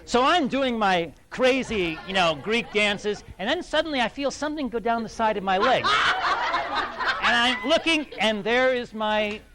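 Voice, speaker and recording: Animated middle-aged man telling stage stories. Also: very high voice, unhurried, very noisy. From New England. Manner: animated, laughs often, many restarts. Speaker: guest actor at fan event. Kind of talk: casual anecdote telling. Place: event hall with audience.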